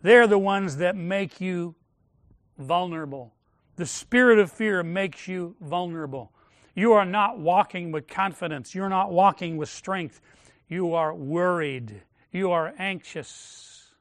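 Slow, high-voiced preacher. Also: male voice, dry recording, clean studio sound. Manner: measured, emphatic, dropping to near-whispers on key words. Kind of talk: sermon.

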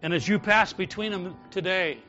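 A pastor preaching a sermon in a church, rising to loud calls and dropping to soft, prayerful tones. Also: male voice, sits high, moderate pace, dull audio, faint music behind. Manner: swings from loud exhortation to soft intimate prayer. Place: church sanctuary.

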